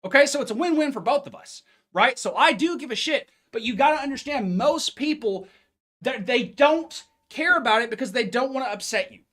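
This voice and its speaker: A man's voice: very high voice, lively intonation, brisk, a bit bright. Blunt, swearing fitness coach man. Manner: blunt, intense, heavy cursing. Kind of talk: live-stream pep talk. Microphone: phone.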